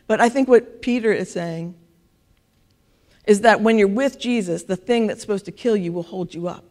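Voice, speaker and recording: A woman's voice: medium pitch, moderate pace, darkish tone. A woman preaching a casual sermon in church, talking conversationally and often checking in with "right?". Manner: conversational, keeps asking "right?".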